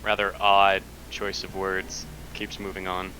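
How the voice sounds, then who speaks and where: A man's voice: sits low, completely flat delivery, a little slow, sharp tone, slight background noise, rough recording. A man playing in a tabletop game who describes his character's actions in short, understated lines. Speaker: player. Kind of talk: casual tabletop play.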